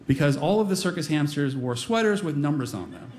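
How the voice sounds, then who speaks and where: A man's voice: on the high side, sing-song, brisk, few pauses, a little mellow. A middle-aged man telling a personal story on stage before a live audience, wry and self-deprecating with comic timing.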